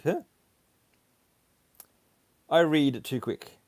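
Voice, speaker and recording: Man, livestream host, casual chat, stop-start comment reading, slightly high voice, dry home sound. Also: a little mellow, clean tone, no room sound. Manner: chatty, halting, restarts while reading comments aloud.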